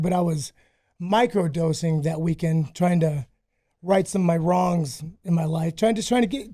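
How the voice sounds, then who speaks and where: A former fighter, appearing as a guest on a casual podcast interview, tells rambling, profane, self-mocking stories about himself. His voice sits high but has a dark tone.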